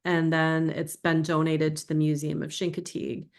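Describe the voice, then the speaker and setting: A woman's voice: deep voice, completely flat delivery, moderate pace. A middle-aged woman author giving an informal, chatty talk about her book to an audience, digressive and emotional as she tells stories.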